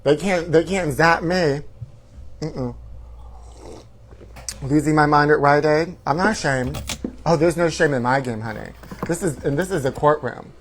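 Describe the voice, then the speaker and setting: A man hosting a comedy show, telling a campy, theatrical story, calling his listeners honey and breaking into shouted quotes. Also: a little high, measured pace, pauses often, a little hiss or hum, low-quality recording.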